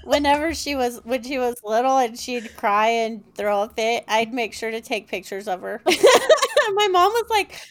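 High, lively woman laughing often. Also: measured pace. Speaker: podcast co-host. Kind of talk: casual chat.

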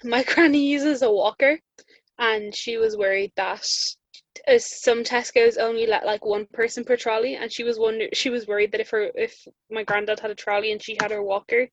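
A young Irish woman tells rambling anecdotes in a relaxed chat, her voice sitting fairly high. The sound is dry with no room at all. It is slightly dull and lo-fi, as if from a cheap mic. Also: normal speed, dry recording. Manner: chatty storyteller with frequent laughs and "like" fillers. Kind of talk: casual chat.

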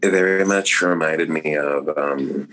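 A man with a very low, deep voice co-hosts a podcast. He chimes in with short reactions in casual chat, with faint background noise on the recording. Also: unhurried, fairly bright tone. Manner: brief reactive remarks. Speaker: podcast co-host.

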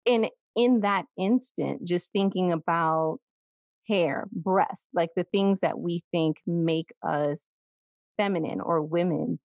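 A woman's voice: lowish voice, slow, vocal fry, darkish tone, no room sound. A woman in her forties co-hosting a podcast, telling stories in casual conversation and acting out the voices she quotes. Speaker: podcast co-host.

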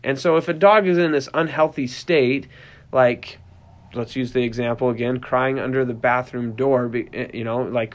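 A man's voice: mid-range voice, moderate pace. A man in his thirties hosting a podcast, explaining in a casual, conversational way with frequent restarts and small acted-out voices. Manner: conversational, many restarts, acts out puppy and child voices. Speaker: podcast host, dog trainer.

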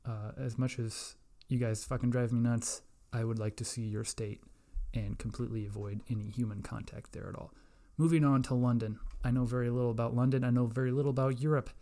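A man's voice: medium pitch, steady tone, a little fast, hardly any pauses, warm tone. A young man hosting a casual solo podcast, rambling, profane and self-mocking. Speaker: podcast host.

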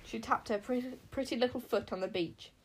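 Female storyteller, expressive read-aloud of a children's novel, slightly high voice. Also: a little fast, slight background noise, rough recording. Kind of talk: audiobook narration.

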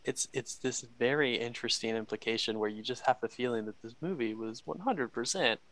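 A man's voice: mid-range voice, brisk, fairly bright tone. A man in casual chat, animatedly retelling a movie plot with laughs and acted-out lines.

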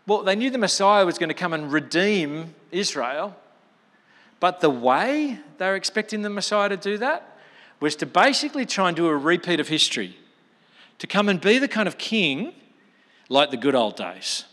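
A man giving a chatty, animated sermon, acting out the people in the story. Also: high voice, moderate pace. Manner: animated, acts out quotes with slang like mate. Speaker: preacher. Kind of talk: conversational sermon. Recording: long hall reverb.

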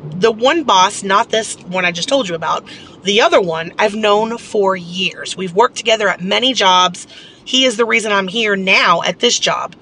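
A woman's voice: mid-range voice, normal speed, bright, forceful tone, a little hiss or hum. A woman telling a personal story in a casual, candid vlog, rambling and venting with lots of fillers. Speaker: vlogger.

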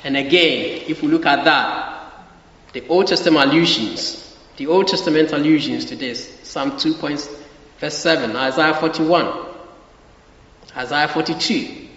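A man's voice: on the high side, measured pace, pauses often, fairly bright tone. A man preaching a sermon with emphasis, repeating his key phrases and asking the congregation for agreement. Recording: echoey hall, dull lo-fi sound.

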